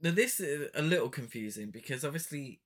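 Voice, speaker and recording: A man's voice: a little high, lively intonation, brisk, fairly bright tone. A man co-hosting a casual film chat, dryly correcting details and laughing along. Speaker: podcast co-host.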